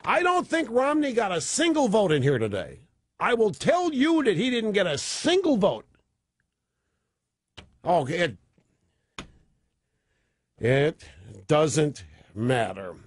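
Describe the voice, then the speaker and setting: A man's voice: high-pitched, huge pitch swings, takes it slowly, pauses often, no echo. A man hosting a radio talk show, delivering an opinionated monologue with sarcastic, mocking asides.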